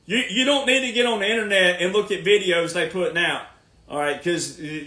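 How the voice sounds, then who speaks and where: A man's voice: high voice, sharp tone, echoey room. A man hosting a podcast, ranting casually in an emphatic, sarcastic, lecturing way. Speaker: podcast host.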